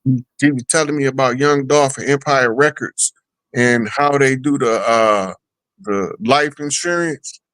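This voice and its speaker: A man's voice: medium pitch, measured pace, fairly bright tone, no room sound, poor audio. A man appearing as a guest on a talk show, speaking in a loose, rambling, conversational way. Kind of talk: casual talk show chat.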